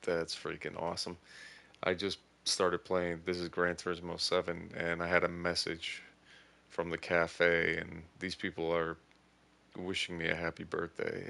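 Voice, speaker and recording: Deep gravelly man in gaming commentary. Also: normal speed. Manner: excitable, amazed, thinks aloud. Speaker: gaming streamer. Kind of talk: casual gameplay commentary.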